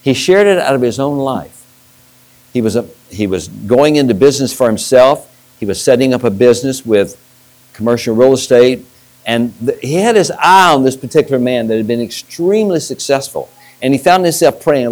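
A man's voice: mid-range voice, animated, moderate pace, darkish tone, poor audio. A middle-aged man, a pastor, preaching a sermon and telling stories with restarts. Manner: storytelling with restarts and acted-out quotes.

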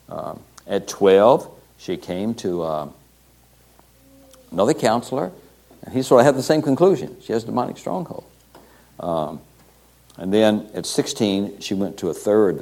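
A man preaching, retelling a pastor's story with scripture quotes, speaking haltingly with many fillers and restarts. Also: low-pitched, dark tone. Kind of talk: sermon storytelling.

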